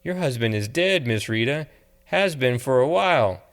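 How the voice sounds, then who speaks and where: A man voicing an effusive, flirtatious male security guard in an audiobook, talking in an enthusiastic, flattering way. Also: mid-range voice, normal speed, pitched above the performer's own voice, close to an everyday voice. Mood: dejected.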